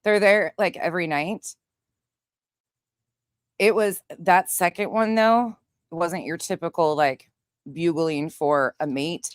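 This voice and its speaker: A young woman from Montana, a livestream host chatting casually with viewers and telling a story in a profane, animated way. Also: on the low side, slow, long pauses, no room sound, clean studio sound. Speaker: livestream host reading chat.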